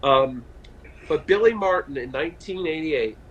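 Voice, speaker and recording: A man's voice: fairly high pitch, normal speed, lo-fi sound, slight background noise. Chatty storytelling man in his fifties. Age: 50s. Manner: chatty storyteller, animated, frequent fillers and restarts. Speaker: guest, former baseball pitcher. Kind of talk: casual conversational interview.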